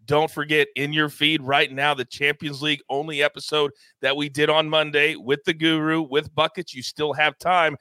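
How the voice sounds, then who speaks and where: A man hosting a sports betting show, running through picks with hype, loud bursts and catchphrases. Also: fairly high pitch, level tone, normal speed, few pauses, no room sound. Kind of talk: energetic sports betting talk.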